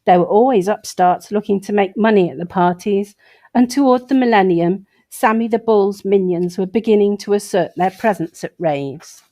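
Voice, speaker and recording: A woman's voice: medium pitch, normal speed, dark tone, no echo. A woman hosting her own show, reading an article aloud and breaking off for sarcastic asides. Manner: sarcastic asides between read passages. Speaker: host.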